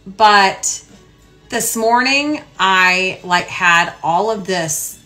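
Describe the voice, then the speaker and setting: Bright-voiced chatty woman blogger. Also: mid-range voice, drawn-out words, faint music behind. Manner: rambling, self-mocking, animated storytelling with mock-voiced asides. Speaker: lifestyle blogger. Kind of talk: casual chatty vlog to followers.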